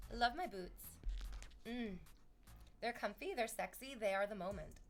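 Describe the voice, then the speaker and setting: A chatty woman livestreaming, loose and playful as she reads chat and tells stories. Her voice sits at an ordinary middle pitch, and a faint bed of music hums under her talk. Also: normal speed. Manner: chatty, playful, swears casually. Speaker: streamer.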